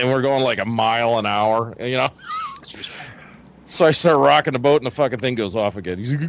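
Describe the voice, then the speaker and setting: A man's voice: medium pitch, quick pace. A man telling a long camping story in a casual, profane, rambling way, often acting out his friends' voices. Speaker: podcast co-host.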